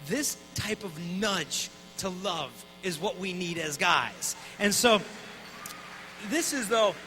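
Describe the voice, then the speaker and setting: A man in his thirties speaks to a conference crowd with a high, bright voice. He talks quickly and casually and acts out the people in his stories. Soft music plays faintly behind him. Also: poor audio. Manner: energetic, conversational, mimics voices in anecdotes. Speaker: Catholic speaker. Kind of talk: live conference talk. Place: conference hall.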